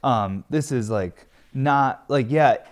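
A man's voice: mid-range voice, slow. A stressed man talking candidly in a casual vlog, rambling with lots of fillers and swearing freely. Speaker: glass studio owner.

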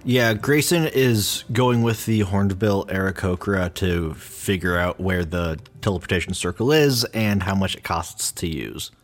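A man's voice: low voice, measured pace, few pauses, faint music behind. A man playing his character in a tabletop game, in a plain, matter-of-fact way. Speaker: player. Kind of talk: tabletop role-play.

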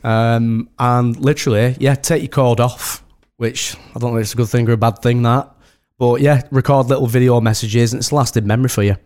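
A man's voice: mid-range voice, fairly even intonation, a little fast, a little mellow. A man from the UK, a wedding host, chatting casually as a podcast guest in a rambling way full of restarts. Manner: rambling, many restarts and "do you know what I mean".

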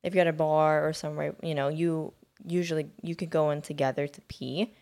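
A woman's voice: low voice, steady tone, a little fast, a little mellow. A young woman co-hosting a podcast, chatting casually while sick, filling her talk with "like". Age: young adult. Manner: chatty, uses many fillers and "like". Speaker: podcast co-host. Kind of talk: casual chat.

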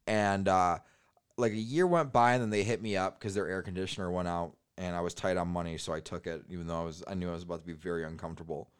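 A man's voice: deep voice, fairly even intonation, quick pace, clean tone. A man in his twenties on a podcast, telling a crude story in a casual way, laughing and acting out the other people in it.

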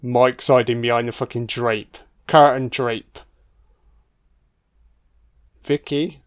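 A man's voice: mid-range voice, steady tone, slow. A man giving casual, crude commentary on a horror film, sarcastic and swearing nonstop as he mocks the characters.

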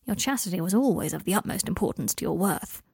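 A woman reading the lines of a gentle, earnest young wizard in an audiobook of fan fiction, speaking in a soft, often whispered voice. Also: fairly low pitch, lively intonation, fast, gravelly, breathy edge, dry recording, clean studio sound, heavily acted.

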